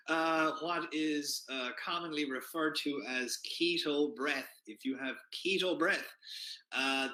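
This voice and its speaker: Bright chatty man in an echoey room. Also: medium pitch. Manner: chatty, many fillers and restarts, chuckles often. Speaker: host of a keto diet group livestream. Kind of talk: casual livestream Q&A reading comments.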